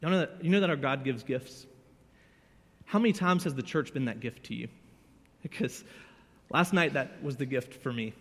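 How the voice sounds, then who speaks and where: A man preaching in a church sanctuary, his voice ringing out with a long reverb tail. He talks earnestly and with feeling, rising loud and dropping to a hush. His pitch sits mid-range for a man. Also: normal speed, long pauses. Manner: emotional, earnest, swings between loud and hushed. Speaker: youth pastor. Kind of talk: sermon.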